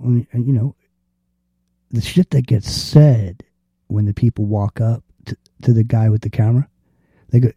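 A man with a very dark, husky voice hosts a talk radio show. He rambles profanely and slips into fast quoted voices to act out arguments. The sound is dry and a little dull. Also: mid-range voice, no echo. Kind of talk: casual talk radio rant.

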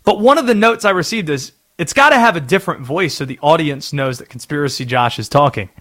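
A man's voice: fairly high pitch, expressive, a little fast, fairly bright tone. A man from North Carolina hosting sports talk radio, chatty and opinionated.

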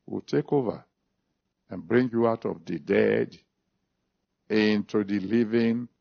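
A man's voice: on the low side, slow pace, creaky. A man preaching a sermon, stressing and repeating scripture references, then leading an altar call and prayer. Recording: dull lo-fi recording.

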